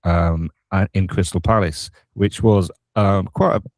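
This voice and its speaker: Low-voiced man, relaxed chat. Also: unhurried, no room sound. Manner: relaxed, hesitant storytelling with fillers. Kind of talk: casual chat.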